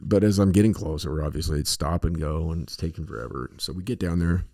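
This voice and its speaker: Here a middle-aged podcast host from the western United States rattles along fast, his voice low, dark, and fried at the edges. He rambles through stories casually, cursing and using lots of filler words.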